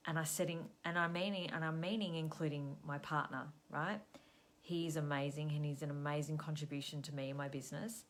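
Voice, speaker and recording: A woman's voice: sits low, little pitch movement, normal speed, fairly bright tone. An Australian woman hosting a live stream, chatting to viewers and telling a story in a casual, conversational way. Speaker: host of a weekly live show.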